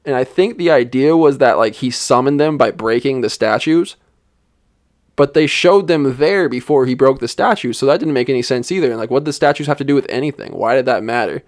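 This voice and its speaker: A man's voice: mid-range voice, brisk, no room sound. A young man giving a sarcastic, rambling comedic movie review, with lots of "like" fillers. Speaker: film reviewer. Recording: dry voice-over.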